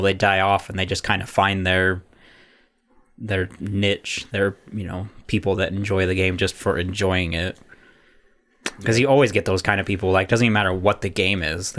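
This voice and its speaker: A man's voice: low-pitched, a bit bright. A man co-hosting a podcast in casual chat, rambling and laughing often, with many restarts. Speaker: podcast co-host.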